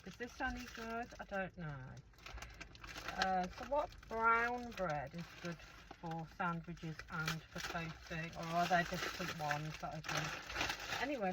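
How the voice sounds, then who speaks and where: A woman's voice: on the low side, background noise. A middle-aged woman chatting casually through an eating show, rambling and talking to herself as she goes. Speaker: food vlogger.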